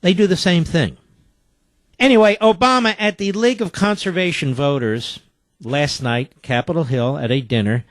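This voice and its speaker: A man's voice: a little high, moderate pace, no echo. A man hosting a talk radio show, delivering a combative, sarcastic monologue.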